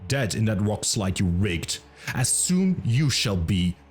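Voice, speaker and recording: A man voicing a blunt, gruff young barbarian warrior in an audiobook, growling his lines. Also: on the low side, sing-song, slow pace, a little hiss or hum.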